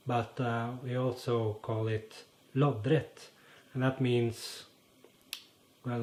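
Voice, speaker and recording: Norwegian-accented man, host, slow and halting delivery, fills pauses with "uh" and "um", mid-pitched voice. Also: a little mellow. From Norway. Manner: halting, searches for words, many fillers. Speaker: channel host. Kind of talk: casual explanatory monologue. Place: in front of a green screen.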